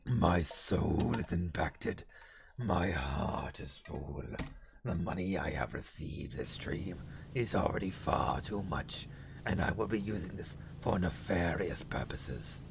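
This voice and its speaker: A man voicing a brooding male demon who slowly speaks theatrical, doom-laden proclamations in a low, whispery rasp during a livestream. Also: background noise, exaggerated voice. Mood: ominous. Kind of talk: livestream character voice.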